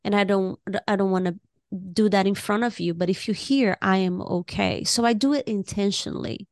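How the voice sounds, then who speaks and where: A woman podcast co-host and music therapist, talking in an expressive, heartfelt way and often repeating words as she starts a thought. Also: mid-range voice, normal speed, no room sound. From Latino community. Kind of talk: casual conversation.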